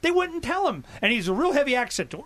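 A man's voice: big pitch swings, fast, a bit bright. A man hosting a talk radio show, telling stories and acting out quotes. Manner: storytelling, acts out quotes with big pitch swings. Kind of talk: animated talk radio monologue.

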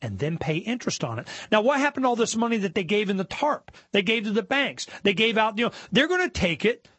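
A man's voice: sits high, big pitch swings, quick pace, a bit bright, breathy edge, dry recording. A man hosting a talk show, commenting casually while reading news aloud, with mocking asides and rhetorical questions.

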